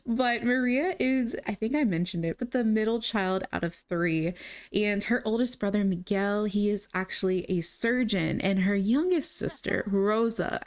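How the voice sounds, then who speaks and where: A young woman narrates her life-sim gameplay in a casual, chatty way. She sounds animated and easygoing, laughing often as she talks to her viewers. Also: medium pitch, creaky. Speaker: gaming content creator.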